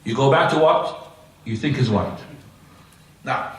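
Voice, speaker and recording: Animated male teacher, echoey and distant. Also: mid-range voice, a little hiss or hum. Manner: animated, rhetorical questions and quick answers. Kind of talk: religious lesson. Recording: echoey room, mic far off.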